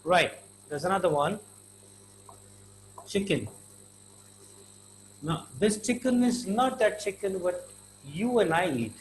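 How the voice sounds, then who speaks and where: A man's voice: high voice, expressive, slow, long pauses, a little hiss or hum, rough recording. A man with an Indian English accent teaching slang in a chatty, informal lesson, full of fillers and acted-out little dialogues.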